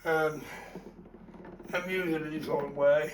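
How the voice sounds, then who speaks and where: A man presenting an old record, speaking casually and hesitantly with many pauses and ums. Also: on the high side, steady tone, recorded from a distance, noisy background. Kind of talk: casual spoken introduction. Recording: roomy sound from away from the mic.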